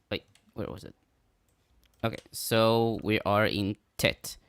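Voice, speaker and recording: A man's voice: fairly low pitch, extremely slow, pauses often, fairly bright tone, clean tone, no echo, studio quality. A man giving scholarly commentary on a podcast, speaking carefully with frequent ums and restarts. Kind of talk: podcast discussion and reading.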